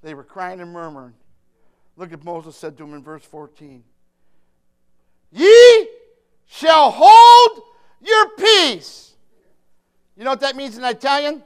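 A man delivers a sermon in a fairly high voice. He is emphatic, rising from quiet asides to shouted bursts and trading jokes with the congregation. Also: animated, a little fast, smooth. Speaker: preacher.

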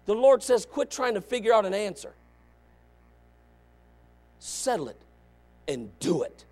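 A middle-aged male pastor preaching a revival sermon, with an emphatic, repetitive cadence, dropping to low asides and rising to shouted exhortation. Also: very animated, a little slow.

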